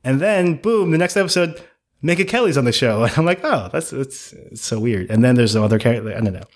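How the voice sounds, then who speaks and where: A man's voice: mid-range voice, expressive, quick pace. A man chatting casually as a podcast co-host, rambling with lots of fillers and restarts. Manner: rambling, many likes and restarts. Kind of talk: casual chat.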